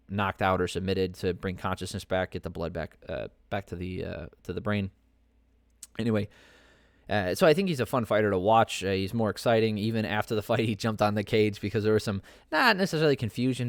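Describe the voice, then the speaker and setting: A man's voice: lowish voice, smooth, no echo, studio quality. A man hosting a podcast, giving casual, opinionated fight commentary that rambles with many fillers and restarts. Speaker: podcast host.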